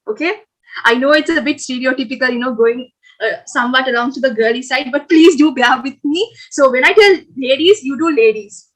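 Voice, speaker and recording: Bright-voiced young Sri woman. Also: high voice, low-quality recording. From Sri Lanka. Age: young adult. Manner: chatty, upbeat, coaxing, many fillers. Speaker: game host at a student club orientation. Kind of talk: casual online game hosting. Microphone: video call.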